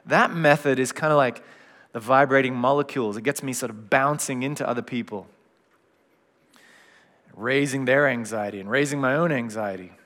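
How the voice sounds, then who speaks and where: Middle-aged guy giving a gentle chatty sermon, church hall with long echo. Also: mid-range voice, normal speed. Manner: gentle, reflective, conversational. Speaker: pastor.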